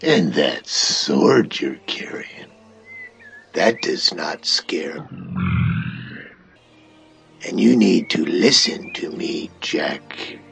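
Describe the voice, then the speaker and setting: Guy doing a sly serpent, super deep and gravelly, slow creepy whisper. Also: a bit bright, exaggerated voice. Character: deceptive male serpent, sly and menacing. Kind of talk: storybook narration.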